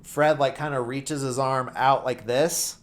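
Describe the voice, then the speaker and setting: Male podcast host, slow, casual film recap, rambling with fillers. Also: medium pitch, steady tone. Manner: rambling, filler-heavy, drops into quiet mumbled quotes.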